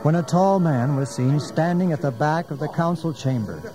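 A man narrating a religious story in a solemn, measured manner. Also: fairly high pitch. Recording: narration over music.

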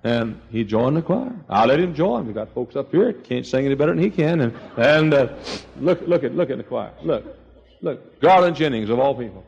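An older man preaching a sermon, telling folksy stories and swinging between quiet asides and loud, high exclamations. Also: expressive, moderate pace, gravelly, lo-fi sound. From East Texas. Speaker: pastor.

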